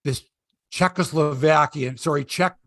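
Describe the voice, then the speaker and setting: Speaking a little slowly, a middle-aged man hosts a casual sports podcast, recorded with clean studio sound and no echo. He tells stories animatedly and acts out quotes in a raised, high voice.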